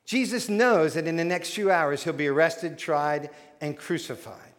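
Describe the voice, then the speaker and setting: A man preaching a sermon as pastor, animated and acting out quoted voices. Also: fairly high pitch, normal speed. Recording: long hall reverb.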